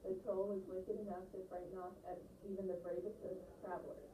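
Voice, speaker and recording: Sex: woman. Role: teacher. Style: reading aloud to a class. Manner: calm, gentle instructions. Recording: roomy classroom, mic far away, audible background noise. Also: medium pitch, quick pace.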